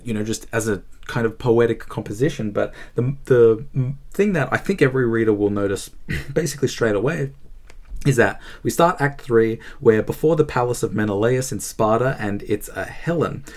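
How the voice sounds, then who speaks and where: A man's voice: mid-range voice, moderate pace, darkish tone. A man hosting a book channel, talking casually about a book he is reading, thinking aloud with frequent fillers and restarts. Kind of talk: casual spoken book review.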